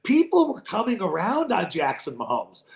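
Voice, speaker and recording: A man co-hosting a podcast, talking sports in a profane, animated way and acting out quoted voices. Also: high-pitched, moderate pace, echoey room. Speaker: podcast co-host. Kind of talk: casual sports chat.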